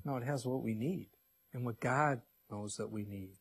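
A man's voice: medium pitch, moderate pace, slightly rough. A man preaching a sermon, reading scripture with drama and asking the congregation questions. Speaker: pastor.

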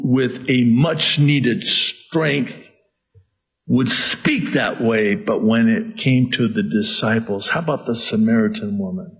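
A male pastor preaching a sermon in an emphatic, theatrical way, swinging between quiet and loud. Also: medium pitch.

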